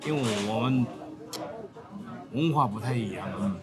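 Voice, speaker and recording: An older man from Korea, with a voice of middle pitch, answers questions in short, halting phrases. Loud music plays underneath him. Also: expressive. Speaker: interviewee.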